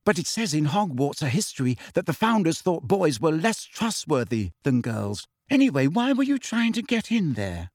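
A man reading aloud and voicing a clever, bossy teenage schoolgirl witch with a brisk, prim manner. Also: on the high side, very animated, no room sound, clean studio sound, voice pushed up.

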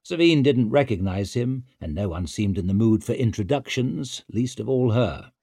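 A man narrating an audiobook in an expressive, dramatic storytelling manner. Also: medium pitch, moderate pace, creaky, breathy edge, dry recording, studio quality. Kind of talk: scripted narration.

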